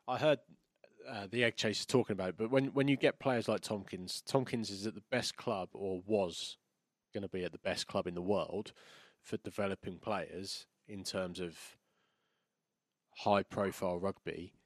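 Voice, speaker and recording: A man co-hosting a sports podcast, giving blunt, shouty opinions. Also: low-pitched, normal speed, no room sound, studio quality. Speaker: podcast co-host.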